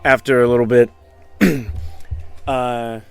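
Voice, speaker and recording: A man's voice: medium pitch, steady tone, slow, vocal fry, clear, resonant tone. Man narrating a tabletop game, laughing. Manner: casual, laughs often. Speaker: game master. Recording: faint background music.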